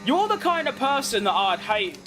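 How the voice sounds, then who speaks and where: High-voiced young British man streaming. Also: big pitch swings, bright, forceful tone, a little hiss or hum. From United Kingdom. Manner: chatty, quick reactions to the race, self-mocking. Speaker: gaming streamer. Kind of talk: live gameplay commentary while reading chat.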